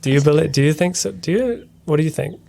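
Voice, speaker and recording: A man's voice: fairly high pitch, expressive, quick pace, creaky, warm tone. A man from New Zealand who hosts a podcast, talking in a rambling, chatty way with many restarts. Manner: rambling, self-interrupting, chatty. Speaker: podcast host. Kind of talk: casual bilingual chat.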